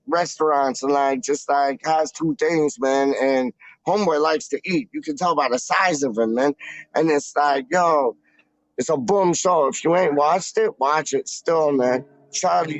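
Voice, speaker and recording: A man co-hosting a casual chat show, talking in heavy slang and getting animated, jumping up in pitch when excited. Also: gravelly, no echo. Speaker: podcast co-host.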